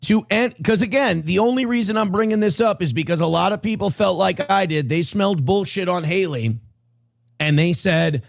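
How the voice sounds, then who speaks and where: A man with a fairly high voice reads legal paperwork aloud, then turns to taunt the person he is talking about, speaking straight at her. The sound is dry and close, with no room around it. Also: normal speed, vocal fry, no echo. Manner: taunting, addresses his target directly. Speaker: online commentator. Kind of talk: reading documents aloud with mocking commentary.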